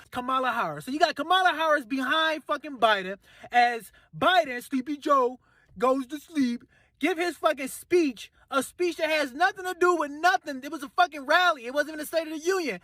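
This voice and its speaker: A man delivering an angry, profanity-laced rant to the camera, repeating himself and breaking into shouts. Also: very high-pitched, no echo, studio quality. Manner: heated, cursing, repetitive, bursts of shouting. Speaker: commentator ranting to camera.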